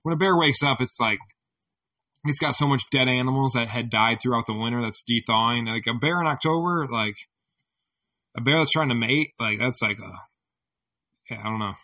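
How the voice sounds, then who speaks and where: A man's voice: medium pitch, moderate pace, long pauses, sharp tone, distant mic, muffled recording. A man co-hosting a podcast, telling a story in loose casual chat, rambling and swearing freely. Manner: rambling, swears freely, retells with quoted voices. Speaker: podcast co-host.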